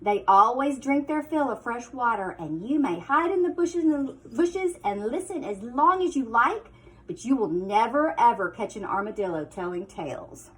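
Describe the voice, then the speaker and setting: A woman teacher reading a picture book aloud to children, with expressive storytelling and hushed asides. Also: a little high, normal speed, slightly rough.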